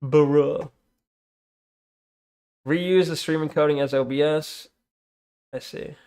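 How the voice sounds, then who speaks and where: A male streamer with a slightly high voice talks casually as he goes through chat. He breaks off often, restarts sentences and keeps telling viewers to hold on. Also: fairly even intonation, takes it slowly, a little mellow. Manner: distracted, reads chat aloud, many restarts and "hold on"s.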